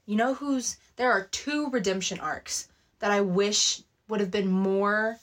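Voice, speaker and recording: A woman co-hosting a podcast in casual chat, who slows down to stress her points. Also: medium pitch, steady tone. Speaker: podcast co-host.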